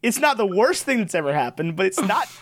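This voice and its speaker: A man's voice: high-pitched, big pitch swings, quick pace, a bit bright, soft background music. A young man co-hosting a casual podcast chat, an emphatic storyteller who repeats words for emphasis. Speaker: podcast co-host.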